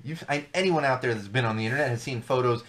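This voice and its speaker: A man's voice: medium pitch, fast talker, a bit bright. A man in his thirties hosting a casual live-streamed show, rambling through news with jokey asides and repeating himself for emphasis. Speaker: podcast host. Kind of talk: casual solo commentary on news.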